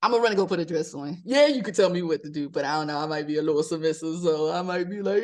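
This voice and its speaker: Animated woman podcast host. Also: fast, hardly any pauses. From Maryland, USA. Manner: animated, laughs often, pitch jumps up for emphasis. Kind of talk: casual motivational talk.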